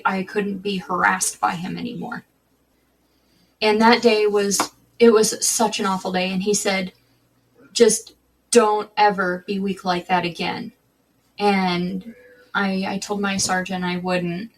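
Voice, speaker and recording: Woman guest on a podcast telling her story, candid and chatty, lots of restarts, mid pitch, sounds a bit far from the mic. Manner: candid, conversational, with frequent restarts. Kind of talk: personal storytelling in a podcast interview.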